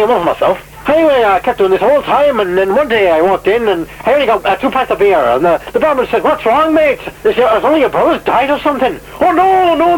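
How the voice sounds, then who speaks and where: A man's voice: high-pitched, a little hiss or hum, voice pushed up, poor audio. A man putting on a brash Irish joker. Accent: put-on Irish. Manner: brash, heckling. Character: brash Irish joker telling a pub joke.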